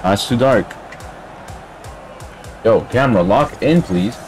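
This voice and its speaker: Male streamer, mid-pitched voice, slangy and grumbly, chatting to chat over loud music. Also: lively intonation, slow, a faint crowd. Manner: slangy, grumbling, calls listeners bro. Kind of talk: casual live-stream chatter.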